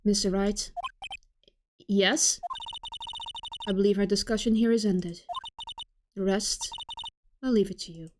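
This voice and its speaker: A woman's voice: medium pitch, fairly even intonation, slow pace, long pauses, pitched below the performer's own voice, close to an everyday voice. A woman voicing a stern female prosecutor, curt and dismissive. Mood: cold. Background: game music.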